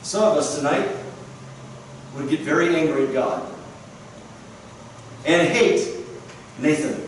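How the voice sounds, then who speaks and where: A pastor with a high voice preaching earnestly, repeating himself for emphasis. The room is strongly echoey, and he is picked up from a distance. A faint hiss sits underneath. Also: takes it slowly. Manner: earnest storytelling, emphatic repetition. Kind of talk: sermon. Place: church sanctuary.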